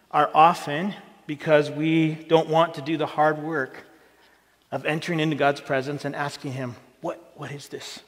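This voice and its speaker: Guy pastor preaching, earnest and plainspoken, bit high voice, long hall echo. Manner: earnest, plain-spoken preaching, rising with emphasis. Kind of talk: sermon.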